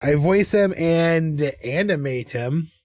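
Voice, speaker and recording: A man's voice: fairly high pitch, lively intonation, slow, a little mellow, dry recording, studio quality. A man chatting casually on a live art stream, rambling and restarting his sentences. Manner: rambling, with many restarts and laughs.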